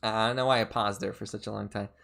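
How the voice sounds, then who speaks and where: Rambling young man streamer, jumpy pitch. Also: fairly even intonation, fast talker, creaky, fairly bright tone. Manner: rambling storytelling full of fillers and restarts; pitch jumps sharply up and down mid-story. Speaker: VTuber streamer. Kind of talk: casual stream chat.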